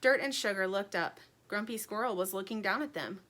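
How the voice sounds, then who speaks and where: A woman reading a children's chapter book aloud in an expressive, friendly storytelling manner. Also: medium pitch, brisk.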